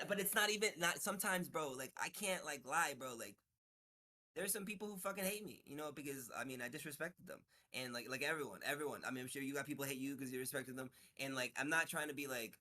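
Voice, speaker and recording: A man talking as an interview guest in casual chat, halting and restarting, swearing, getting heated. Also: mid-range voice, pushed and bright.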